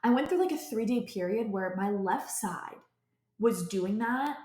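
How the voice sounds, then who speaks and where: A woman's voice: medium pitch, animated, unhurried, darkish tone. A young woman hosting a podcast, telling a personal story off the cuff in a rambling way, full of filler "likes" and restarts. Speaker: podcast host. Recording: echoey room.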